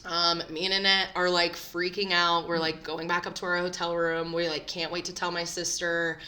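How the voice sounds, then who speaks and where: Young woman podcast co-host, bright tense voice, animated storyteller for casual chat. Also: moderate pace. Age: young adult. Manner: animated storyteller, jumps high for quoted lines.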